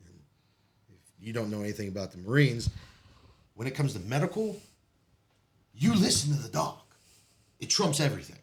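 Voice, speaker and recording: A man who served in the Marines shares military stories on a podcast, speaking in an expressive mid-range voice at a moderate pace with long pauses. His casual style mixes free swearing with regular laughter between lines.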